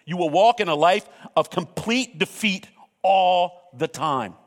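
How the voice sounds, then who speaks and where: Guy preaching a sermon, pretty high voice, earnest, big echoey hall. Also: expressive, unhurried. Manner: earnest, emphatic preaching, reading scripture aloud.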